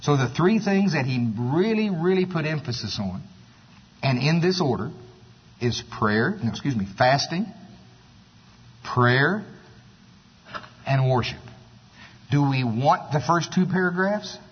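A man preaching a sermon, animated and storytelling, with exclamations and asides. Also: a little high, a little slow, long pauses, slightly rough. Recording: echoey hall, dull sound.

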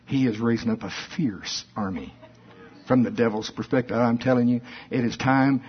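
A man preaching a folksy, animated sermon that rises to shouts at its peaks. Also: medium pitch, moderate pace. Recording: dull lo-fi recording.

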